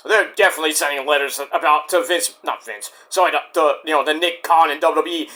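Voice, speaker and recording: Man, high voice, bright tone, sarcastic wrestling review, swears freely. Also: quick pace, few pauses. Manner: sarcastic, profane, mocks wrestlers in put-on voices. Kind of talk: casual solo review rant.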